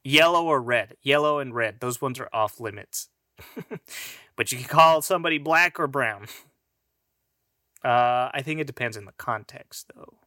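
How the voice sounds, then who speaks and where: A man with Mexican roots talks through a loose solo monologue, swearing freely and chuckling at his own lines. His voice is bright and forward. The sound is dry and close, with no room around it. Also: mid-range voice, unhurried, long pauses, no echo. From Mexican heritage. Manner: rambling, profane, laughs at own jokes. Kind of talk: casual profane monologue.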